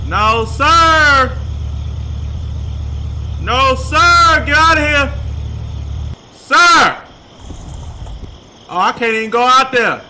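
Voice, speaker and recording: A young man playing a horror game on a desk mic, jumpy and yelling in slang. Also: extremely high pitch, lively intonation, extremely slow, long pauses, a little hiss or hum. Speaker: gaming YouTuber. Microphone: desk microphone.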